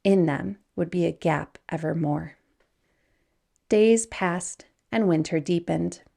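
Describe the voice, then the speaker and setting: Slow, gravelly woman reading a storybook. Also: on the low side. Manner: gentle, unhurried read-aloud with soft hushed passages.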